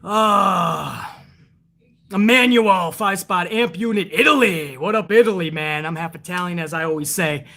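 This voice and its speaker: A man's voice: high voice, unhurried, vocal fry, sharp tone. A man hosting a wrestling review livestream, ranting with lots of profanity and reading out chat messages. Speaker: host of a wrestling review stream. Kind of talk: casual livestream commentary.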